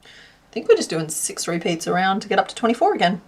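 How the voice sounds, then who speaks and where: A woman's voice: medium pitch, very animated, quick pace. Chatty Western Australian woman streamer. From southwest Western Australia. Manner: chatty, self-deprecating, laughs often, rambling. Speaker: crochet streamer reading chat. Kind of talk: casual live-stream chat while crocheting.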